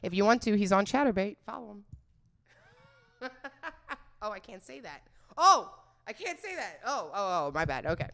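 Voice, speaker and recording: A woman's voice: medium pitch, normal speed, vocal fry, long pauses. A young woman telling a candid, profane dating story in casual chat, giggling as she goes.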